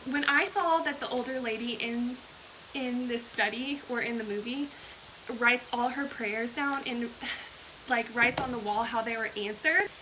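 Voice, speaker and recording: A woman's voice: fairly high pitch, bright, forceful tone, a little hiss or hum, rough recording. A woman hosting a live video, chatting casually and gushing with enthusiasm as she reads viewer comments aloud.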